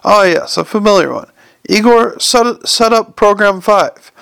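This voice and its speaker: A man voicing an excitable, long-winded male inventor who lectures eagerly and trips over his words, in an audiobook reading. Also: fairly high pitch, normal speed, creaky, no echo. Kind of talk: audiobook character voice.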